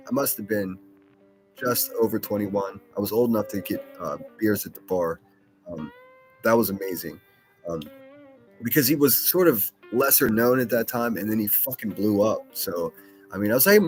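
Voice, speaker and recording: A man's voice: fairly low pitch, brisk, faint music behind. A man hosting a solo podcast, rambling casually with lots of swearing, fillers and restarts. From Pittsburgh, USA.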